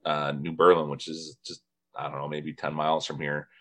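Deep-voiced man telling casual stories. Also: flat delivery, moderate pace, pushed and bright. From northern Indiana. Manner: storytelling, laughs often, mimics people in quotes. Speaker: podcast host. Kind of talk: casual chat.

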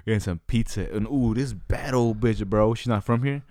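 A man's voice: on the low side, moderate pace, dark tone, no echo, clean studio sound. A young man rambling through a slangy, casual story and acting out the voices of the people in it. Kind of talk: casual chat. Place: Utah.

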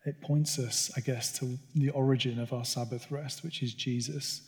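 Man, church speaker, earnest and personal, steady even pitch, long hall echo. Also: normal speed. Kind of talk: sermon talk. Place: church gathering. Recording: long reverb of a large hall.

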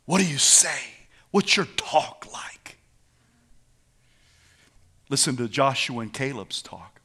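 A male preacher delivering a dramatic sermon, swinging from shouts down to hushed whispers. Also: mid-range voice, big pitch swings, slow pace, pauses often, husky.

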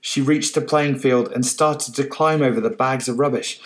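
A man reading his own short story aloud in a soft, low-key storybook narration. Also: normal speed, hardly any pauses.

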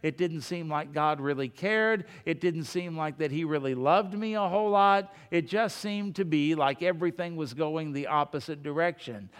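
A man delivers a sermon in a high, smooth, resonant voice, talking to his congregation like folks across the table and asking one rhetorical question after another. His words ring out with the long reverb of a large hall. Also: moderate pace, hardly any pauses. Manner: conversational, full of rhetorical questions; addresses the congregation directly as folks. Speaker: preacher.

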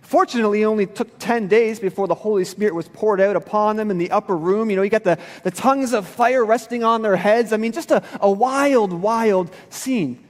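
A man's voice: high voice, big-room sound. A male pastor giving a sermon in a church, casual and conversational with everyday slang. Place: church sanctuary.

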